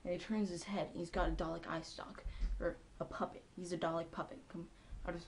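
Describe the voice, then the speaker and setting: A woman with a somewhat low-pitched voice talks through a TV episode in a casual, excitable recap. She is chatty and fills her sentences with ums and likes as she goes. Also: fairly quick, vocal fry, slight background noise. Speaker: TV episode reviewer.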